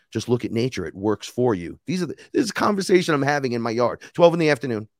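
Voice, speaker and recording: A man's voice: mid-range voice, no room sound, studio quality. A man, a guest on an interview podcast, telling a long personal story in casual, profane language and acting out the dialogue. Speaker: podcast guest, rapper and shaman.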